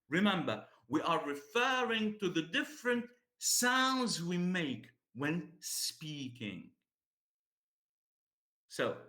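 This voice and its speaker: A man teaching a class about pronunciation, speaking slowly. He repeats himself and checks with his students as he goes. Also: a little high, sharp tone, echoey room.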